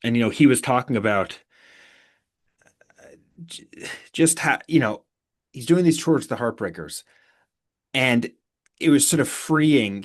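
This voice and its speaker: A man, an author and podcast guest, telling anecdotes in a casual, animated way, with many fillers and restarts. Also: mid-range voice.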